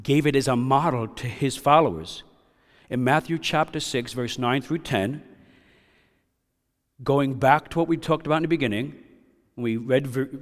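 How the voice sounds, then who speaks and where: Impassioned male preacher in a reverberant hall. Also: medium pitch. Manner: swings from hushed to loud and impassioned. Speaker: pastor. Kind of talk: sermon.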